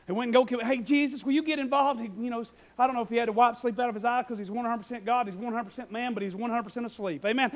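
A man preaching a sermon, swinging between loud shouted passages and quiet folksy asides. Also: very high-pitched, quick pace.

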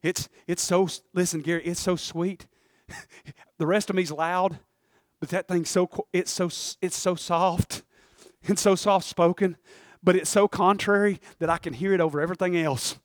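High-voiced preacher, shouting and hushed. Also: male voice, steady tone, normal speed, no echo, studio quality. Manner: swings from quiet asides to shouted preaching, calls "Amen?". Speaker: pastor. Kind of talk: sermon.

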